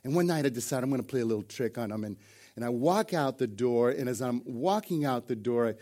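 A man's voice: mid-range voice, brisk, dark tone. A middle-aged man preaching a sermon to his congregation, telling folksy stories with jokes and restarts. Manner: folksy storytelling with jokes, repeated starts and "man". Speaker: pastor. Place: church service before a congregation.

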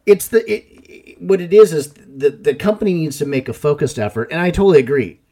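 A man's voice: on the high side, a little fast, warm tone. A man hosting a podcast, chatting casually and animatedly, often restarting his sentences. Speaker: podcast host.

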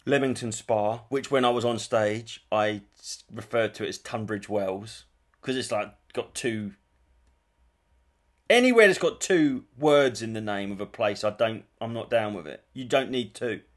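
A man in his forties from England, a comedian talking casually and telling rambling stories with plenty of swearing and self-corrections. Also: fairly low pitch. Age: 40s. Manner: chatty storyteller, swears freely, quick asides and self-corrections. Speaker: comedian and podcast host.

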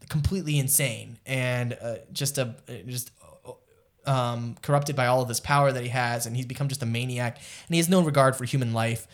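A man's voice: mid-range voice, fairly even intonation, moderate pace. A man co-hosting an anime podcast, retelling episodes in casual chat with many fillers and asides. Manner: rambling, lots of fillers and asides, distracted by live chat. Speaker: podcast co-host.

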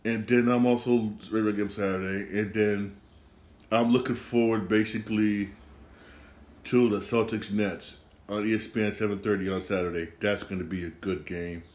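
A man with a fairly low voice talks through the week's games on his own show. He rambles, circles back to the same point and slides into rants. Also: steady tone, normal speed, darkish tone. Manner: rambling, repeats himself, rants. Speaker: sports podcast host. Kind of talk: casual solo sports talk.

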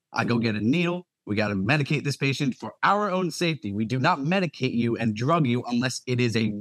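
A young man telling a story with lots of swearing and lively energy. His voice sits in a mid pitch and sounds dry and close to the mic, with no room around it. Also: no room sound. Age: young adult. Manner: profane, animated storytelling. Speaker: podcast co-host and nurse. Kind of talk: casual storytelling.

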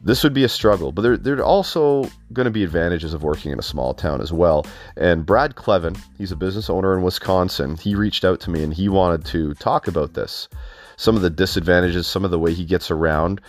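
A man's voice: deep voice, fairly quick, soft background music. A Canadian man hosting a trade podcast in a chatty, rambling way, often restarting his sentences. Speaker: podcast host. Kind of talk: casual interview. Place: home basement studio.

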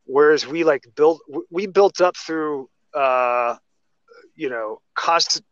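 A man's voice: a little high, slow, a bit bright, no echo. A man talking casually in a podcast chat, rambling through restarts and tangents. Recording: dry, muffled lo-fi sound.

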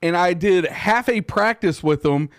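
High-voiced man, profane banter. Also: clear, resonant tone, no echo, clean studio sound. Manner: profane, quick to laugh. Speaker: podcast co-host. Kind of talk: casual banter.

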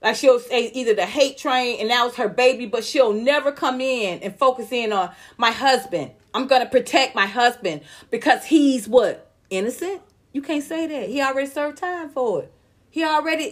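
A woman with a high voice rants through celebrity gossip commentary. She is outspoken and heated, and she talks straight to her viewers in casual slang. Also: expressive, moderate pace. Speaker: gossip vlogger.

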